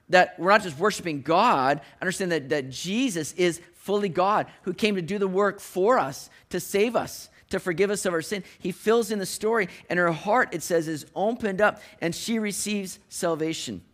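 Guy preaching like he's just chatting, lots of restarts, pretty high voice. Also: a bit bright. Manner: conversational, frequent restarts, modern slang asides. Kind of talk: sermon.

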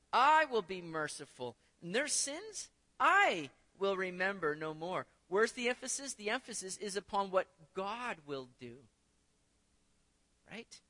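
A man's voice: on the high side, sharp tone. A man preaching a sermon, reading scripture aloud and asking the congregation rhetorical questions. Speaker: pastor.

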